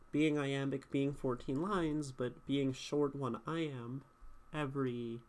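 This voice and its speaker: A man streaming live, critiquing a viewer's poem casually, thinking aloud and checking in with chat. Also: mid-range voice. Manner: thinking aloud, asks chat questions with many "right?"s.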